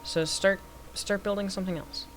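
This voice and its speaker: A young man giving casual gameplay commentary, thinking aloud through numbers and getting excited when things work. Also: high voice, moderate pace. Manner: excited bursts. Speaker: gaming youtuber. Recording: faint background noise.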